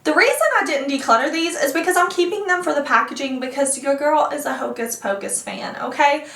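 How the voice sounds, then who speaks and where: Chatty beauty vlogger lady, high voice, roomy echo, acting out her reactions. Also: distant mic. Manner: animated, acts out her own reactions in a dramatic voice. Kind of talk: casual makeup review. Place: makeup room at home.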